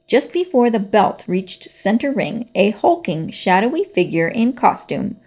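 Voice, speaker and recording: A woman reading a children's storybook aloud in a lively, expressive way. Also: mid-range voice, a little slow.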